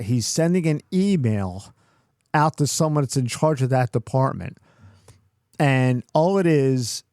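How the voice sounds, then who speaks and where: A man's voice: mid-range voice, darkish tone, dry recording, clean studio sound. A middle-aged man co-hosting a podcast, telling a workplace story in a cursing, ranting way. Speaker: podcast co-host. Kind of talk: casual chat.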